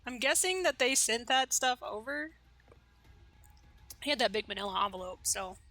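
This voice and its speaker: A woman's voice: a little high, expressive, normal speed, bright, forceful tone, faint music behind. A woman giving casual, chatty reaction commentary on an anime episode, full of fillers like "like" and "you know".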